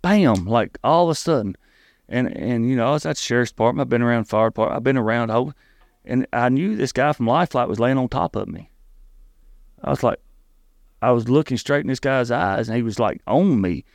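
A middle-aged man with a Tennessee Southern accent, telling his story as an interview guest in an earnest, halting way, often restarting and repeating words. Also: mid-range voice, gravelly, no room sound, clean studio sound.

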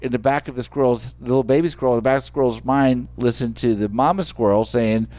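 A man's voice: mid-range voice, steady tone, fast talker, a little mellow, no echo. A man co-hosting a casual chat who jokes and teases, often restarting his sentences. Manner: joking, teasing, stumbling restarts.

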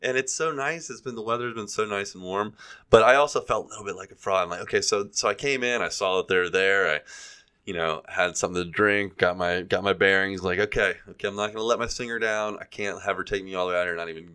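A man's voice: fairly low pitch, fast, bright, forceful tone, clean tone. A man in his forties telling a self-deprecating story in casual podcast chat, laughing often. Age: 40s. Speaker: podcast co-host.

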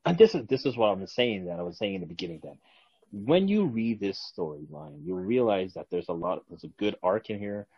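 A man's voice: on the low side, lively intonation, a little fast, slightly rough, no room sound. A man co-hosting a podcast, chatting in an agreeable, reflective way. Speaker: podcast co-host. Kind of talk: casual chat. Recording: dull, dry recording.

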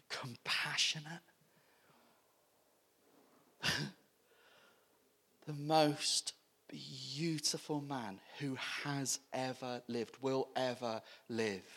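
A man with a British accent preaching a sermon, impassioned, swinging between near-shouts and hushed whispers. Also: medium pitch, slightly rough.

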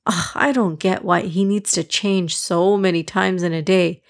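A woman voicing an upset, earnest young boy in a storybook, lifting her voice higher and brighter. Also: fairly even intonation, a little slow. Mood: aggrieved.

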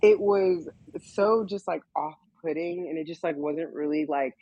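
A woman's voice: sits low, a little slow, mellow, husky, no room sound, muffled recording. Chatty young woman saying "like" a lot. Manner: chatty, says "like" constantly, laughs often. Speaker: guest, nude model. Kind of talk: casual storytelling in a podcast interview.

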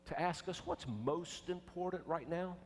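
A man preaching a sermon, emphatic, swinging between loud and hushed. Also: high-pitched, a little slow, a little hiss or hum. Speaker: pastor. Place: church sanctuary. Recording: echoey church with long reverb.

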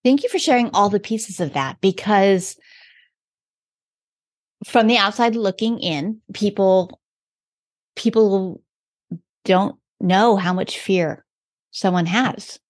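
A woman's voice: mid-range voice, takes it slowly, pauses often. A woman podcast host talking in a reassuring, reflective way. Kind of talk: casual interview chat.

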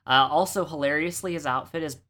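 Woman co-host, low voice, sarcastic and casual. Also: fast, a crowd in the background. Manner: wry, sarcastic, swears casually. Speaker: podcast co-host. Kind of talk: casual chat.

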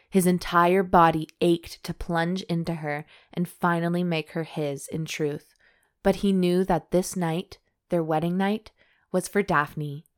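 A woman host steadily reading a romance novel aloud. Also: fairly low pitch.

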